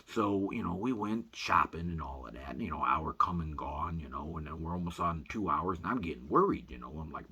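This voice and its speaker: A man with a very low, gravelly voice tells a long, rambling comic story. His voice is raspy but bright, and he fills every gap with "you know". His pitch moves up and down a lot. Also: sing-song, brisk.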